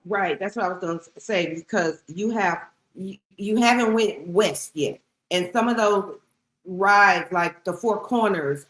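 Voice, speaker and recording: A woman's voice: lowish voice, fairly bright tone, reverberant, poor audio. A woman co-hosting a motorcycle podcast, asking long, rambling questions. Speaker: co-host. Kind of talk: interview questions.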